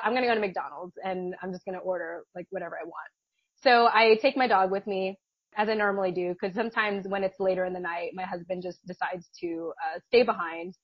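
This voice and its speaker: A chatty woman co-host tells a personal story in a slightly husky voice, laughing often. The sound is dull and dry, as if from a muffled mic in a small room. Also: medium pitch, dry recording. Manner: chatty, laughs often, many fillers and restarts. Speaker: podcast co-host. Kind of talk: casual storytelling chat.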